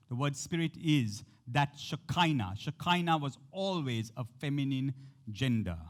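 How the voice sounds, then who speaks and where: Animated male pastor preaching. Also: medium pitch, a little slow. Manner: animated, acts out the quotes in shifting voices; speaks to the congregation directly, with frequent questions. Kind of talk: sermon.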